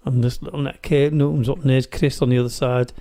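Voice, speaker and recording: A man's voice: medium pitch, fast talker. A man hosting a podcast, telling an anecdote in casual chat and acting out what people said. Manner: animated anecdote-teller, acts out quoted voices, laughs easily. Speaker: podcast host. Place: studio.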